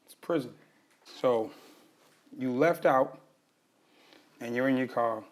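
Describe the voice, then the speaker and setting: A man's voice: mid-range voice, slow pace. A man hosting a podcast interview, who asks questions and explains advice with examples from his own life. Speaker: podcast host. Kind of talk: interview conversation.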